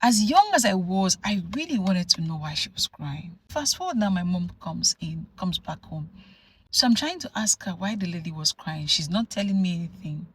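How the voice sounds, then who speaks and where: A woman from Nigeria telling a personal story to camera in an animated, conversational way, full of asides. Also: fairly low pitch, moderate pace, breathy edge. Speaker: vlogger. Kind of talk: storytelling vlog.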